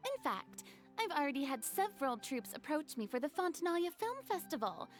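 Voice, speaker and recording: A woman's voice: high voice, sing-song, fairly quick, faint music behind. A woman voicing a proud, theatrical young actress in a game, speaking in a haughty, showy way.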